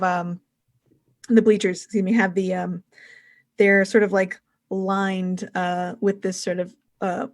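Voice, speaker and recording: A woman running a tabletop role-playing game as game master, narrating in a loose, rambling way with many fillers. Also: medium pitch.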